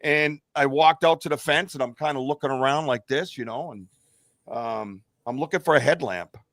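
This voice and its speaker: A man's voice: medium pitch, moderate pace, a bit bright, no room sound, studio quality. A man co-hosting a podcast, telling a long personal story in a rambling way, full of fillers and restarts. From United States. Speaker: podcast co-host. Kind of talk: casual storytelling.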